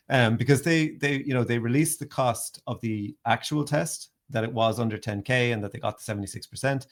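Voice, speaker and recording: Hesitant man hosting a podcast. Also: on the low side. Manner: conversational, hesitant, many fillers and repeats. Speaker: podcast host. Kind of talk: casual podcast chat.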